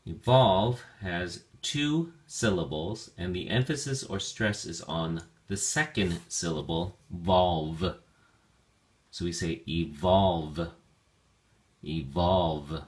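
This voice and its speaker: A man teaching English vocabulary to learners, repeating each word slowly and carefully with clear enunciation and occasional ums. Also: low-pitched, lively intonation. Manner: slow, careful enunciation of words. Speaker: ESL teacher. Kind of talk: vocabulary lesson narration.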